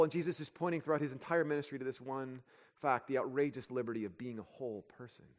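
A man's voice: on the high side, a little mellow, in a large hall. A man preaching a sermon as pastor, conversational and joking, slipping into everyday voices to make his points.

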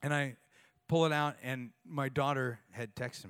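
A middle-aged man preaching a sermon, telling personal stories in an animated, self-mocking way. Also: medium pitch, a little slow, clear, resonant tone. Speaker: pastor.

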